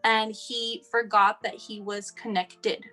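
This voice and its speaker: A woman appears as a guest to share her son's story, talking casually and running on with "like" and "you know." Her medium-pitched voice is level, sharp, and slow, with faint music in the background.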